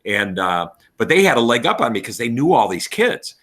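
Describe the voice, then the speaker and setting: Bright-voiced man in his sixties. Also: mid-range voice, normal speed. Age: 60s. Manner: animated storyteller, acts out voices. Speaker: retiring teacher and coach. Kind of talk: casual podcast chat.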